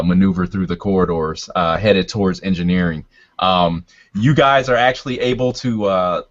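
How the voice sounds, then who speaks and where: Low-voiced game master, halting and muffled. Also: male voice. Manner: halting, many fillers and restarts. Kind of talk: narrating a tabletop game.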